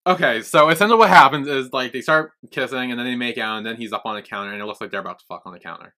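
A man's voice: medium pitch, racing, bright, forceful tone. A young man co-hosting a podcast in casual chat, laid-back, swearing casually as he retells scenes. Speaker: podcast co-host.

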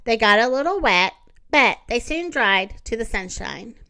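A woman reading a children's story aloud, gentle and expressive. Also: a little high, a little slow.

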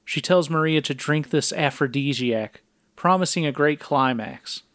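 A man with a clean, resonant voice walks through a movie's scenes for a podcast, plain and matter-of-fact. His voice sits a bit high for a man. The sound is close and dry, with no room around it. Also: unhurried, no echo. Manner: recounting scenes in a flat, matter-of-fact play-by-play. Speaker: podcast co-host. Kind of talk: casual film recap podcast.

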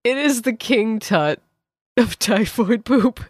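A woman's voice: fairly high pitch, animated, slow pace, no echo, studio quality. Wry, sarcastic woman co-hosting. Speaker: podcast co-host. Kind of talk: casual comedic chat.

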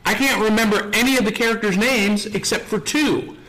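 A man with a notably high voice hosts on a convention stage before a live audience. He is easygoing, nods along with short affirmations, and stumbles over repeated words as he gets going. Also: brisk, bright, forceful tone, low-quality recording. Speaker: host. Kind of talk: casual live panel chat.

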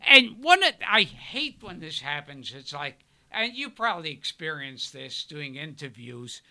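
An older man, a podcast guest, telling rambling stories in a halting way, with loud bursts of laughter. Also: a little high, big pitch swings. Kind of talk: casual storytelling chat.

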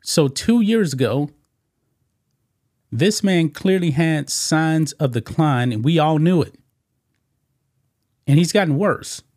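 A man's voice: on the high side, expressive, slow pace, long pauses, darkish tone, dry recording, studio quality. Emphatic man hosting reaction commentary. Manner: repetitive, emphatic, calls listeners "man". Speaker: commentary channel host.

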